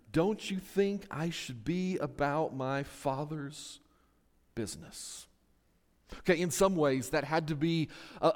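A male preacher delivering a sermon as animated storytelling, often chaining his thoughts with repeated "and." His voice sits high for a man. Long hall reverb trails after each phrase.

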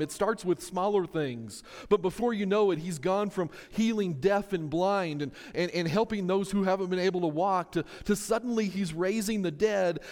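A male preacher delivering a sermon as animated storytelling, often chaining his thoughts with repeated "and." His voice sits high for a man. Long hall reverb trails after each phrase.

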